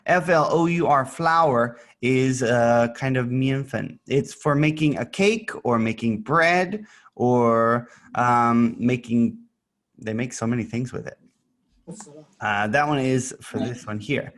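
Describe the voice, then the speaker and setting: Speaking slowly in a fairly bright, mid-range voice, a man teaches English to a child online. He's playful and patient, giving words for the child to echo and adding little sound effects alongside the pictures he shows.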